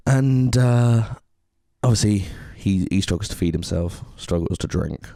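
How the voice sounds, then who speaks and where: An English man with a low, gravelly, warm voice co-hosts a casual podcast, speaking unhurriedly and earnestly as he rambles and restarts sentences. The sound is dry and close-miked, with no room sound.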